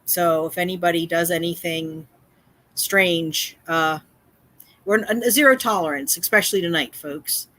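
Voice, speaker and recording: A woman with a fairly low, slightly bright voice hosts a livestream and, in an unhurried way, tells her chat about a neighbor. A community cat caretaker, she sounds upset and shaken, repeating herself emphatically with many fillers and restarts. The recording is dry.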